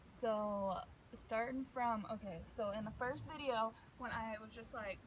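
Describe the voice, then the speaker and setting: A young woman, a college softball teammate, giving a warm, rambling farewell message full of fillers. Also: on the high side, slow, a little hiss or hum, rough recording. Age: young adult.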